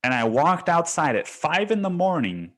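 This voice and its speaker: A man's voice: a little high, moderate pace. A young man hosting a podcast, telling a story in a casual, profane style and calling the listener "dude". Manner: profane, animated, slangy, says "dude" often. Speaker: podcast host.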